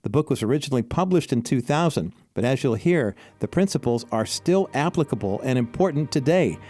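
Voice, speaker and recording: A man's voice: medium pitch, animated, brisk, darkish tone, dry recording, faint music behind. A man announcing a radio program, reading a polished scripted introduction. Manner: smooth, polished announcer read. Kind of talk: scripted narration.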